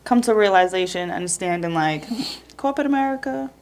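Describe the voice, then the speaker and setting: A woman's voice: lowish voice, lively intonation, fast talker, darkish tone. A young woman co-hosting a casual podcast, chatty and full of fillers. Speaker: podcast co-host. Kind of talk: casual chat.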